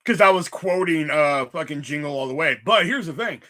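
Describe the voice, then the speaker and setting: A young man hosting a livestream, telling casual stories in an animated, profane way and acting out quotes. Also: on the high side, moderate pace. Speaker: livestream host. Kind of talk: casual storytelling chat.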